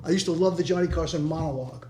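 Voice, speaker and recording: A man's voice: fairly high pitch, very fast, warm tone. An older man, a former teacher, telling a long story with many restarts at a community discussion. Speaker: retired teacher in audience. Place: meeting room.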